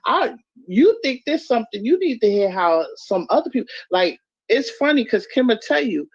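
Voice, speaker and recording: A woman's voice: fairly high pitch, moderate pace, breathy edge, no room sound, muffled recording. A woman from the Bronx with a New York accent, co-hosting a casual chat show and insisting on her point. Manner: insistent, laughing, lively. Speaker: show co-host.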